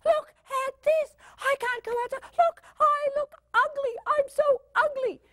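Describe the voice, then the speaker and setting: A woman mimicking a shrill, wailing teenager. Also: steady tone, a little slow, a bit bright, dry recording, clean studio sound. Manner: whiny, shrill, over-the-top despair. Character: melodramatic teenager wailing about a pimple.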